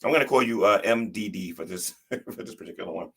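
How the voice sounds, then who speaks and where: A man with a low voice gives casual livestream commentary and reads out the chat. His voice is gravelly and husky. He sounds defensive, and he often stumbles, repeats words and restarts his sentences. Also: fast, bright, forceful tone.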